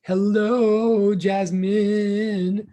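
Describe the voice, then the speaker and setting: A man's voice: high voice, level tone, very slow, warm tone. A middle-aged male college teacher on a video call, chatting casually and rambling as he greets his students one by one. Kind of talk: casual online class greeting.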